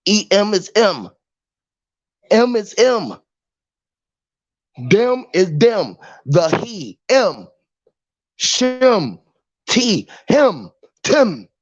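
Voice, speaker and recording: A man's voice: sits high, big pitch swings, drawn-out words, pauses often, no room sound. A man hosting a show, delivering a rambling monologue full of profane wordplay, spelling words out letter by letter. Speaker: podcast host. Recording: dull lo-fi, dry.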